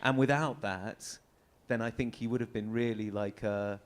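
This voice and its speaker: A man's voice: fairly low pitch, fairly even intonation, moderate pace. An English man talking as a guest on a convention panel, telling casual anecdotes, chatty, laughing often and trailing into fillers. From England.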